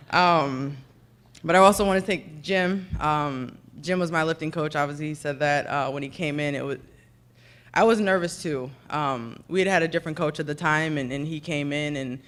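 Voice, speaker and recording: A woman in her thirties speaks at a podium microphone in a banquet room, giving an acceptance speech. She rambles in a chatty, self-deprecating way, thanking one person after another by name. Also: sits low. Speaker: hall of fame inductee giving a speech. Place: ceremony breakfast in a banquet room.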